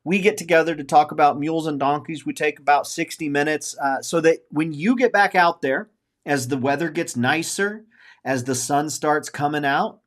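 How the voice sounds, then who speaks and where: A man's voice: a little high, moderate pace, fairly bright tone. A man in his forties hosting a casual podcast, talking earnestly and openly about his feelings, circling back and repeating himself as he goes. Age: 40s. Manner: earnest, openly emotional, rambling with repeated phrases. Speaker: podcast host.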